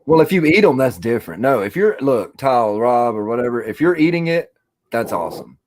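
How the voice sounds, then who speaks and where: A man's voice: mid-range voice, sing-song, brisk, a little mellow, a little hiss or hum, rough recording. A stoned man from Alabama, rambling and swearing through a casual podcast chat. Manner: rambling, profane, laid-back storytelling. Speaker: podcast co-host.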